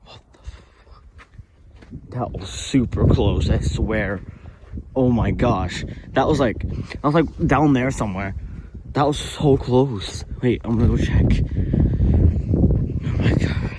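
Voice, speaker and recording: A frightened man vlogging on location, talking in a hushed, jittery voice and often half-whispering. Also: mid-range voice, a little slow, pauses often. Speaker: paranormal vlogger. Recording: loud outdoor background noise. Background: loud noise and outdoor ambience.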